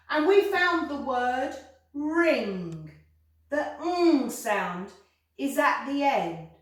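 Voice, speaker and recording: A woman teaching children a slow English phonics lesson, sounding out letters clearly and encouraging them to repeat. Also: sits high. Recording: very echoey room, voice from a distance.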